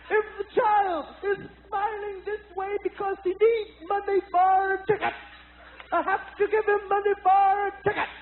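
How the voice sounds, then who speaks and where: A man doing an impression of a fussy, preachy older male comedian who lectures slowly. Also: very high voice. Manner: slow, drawn-out, scolding lecture. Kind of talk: stand-up impression. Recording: tinny lo-fi film audio with faint hiss.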